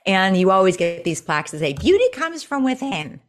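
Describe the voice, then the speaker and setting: Woman, coach, lively storyteller; jumps high when quoting others, conversational interview. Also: brisk. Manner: animated storyteller, acts out quotes with big pitch jumps. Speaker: presentation coach, guest. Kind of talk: casual interview chat.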